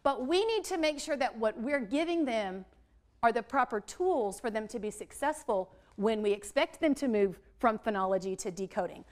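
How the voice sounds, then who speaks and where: A middle-aged woman running a literacy workshop for teachers, leading the group through letter sounds in a lively way. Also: on the high side, moderate pace. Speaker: literacy trainer.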